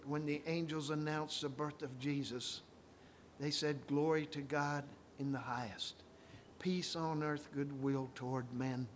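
A man preaching a sermon, retelling scripture stories and swinging from quiet asides to loud, ringing proclamations. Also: a little high, a little hiss or hum.

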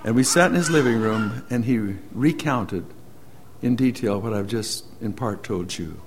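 A man preaching a sermon as an earnest storyteller, moving between loud emphasis and hushed, slowed lines. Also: on the low side, noisy background.

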